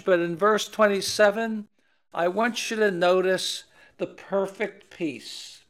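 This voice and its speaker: A man preaching a sermon in a measured, deliberate way, reading scripture aloud between his own points. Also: sits high, steady tone, a bit bright. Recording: roomy hall reverb.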